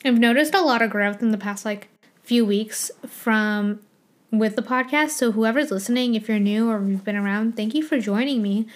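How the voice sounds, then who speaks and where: Chatty young woman podcast host, higher voice. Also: normal speed. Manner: chatty, gushing, laughs often. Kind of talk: solo podcast chat.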